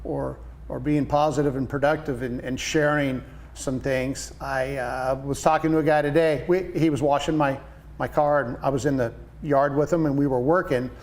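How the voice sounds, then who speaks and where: A man in his sixties, a painting business owner, chatting as a guest and telling lively stories with quoted voices. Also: mid-range voice, moderate pace. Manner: enthusiastic storyteller, animated quoted voices. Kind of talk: casual interview chat.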